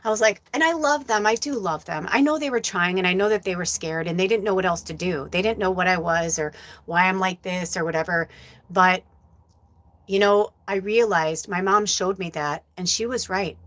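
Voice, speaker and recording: A woman's voice: on the low side, moderate pace, fairly bright tone. A woman psychic medium giving a live channeled reading and telling a personal story in a rambling, casual way, with lots of fillers and some swearing.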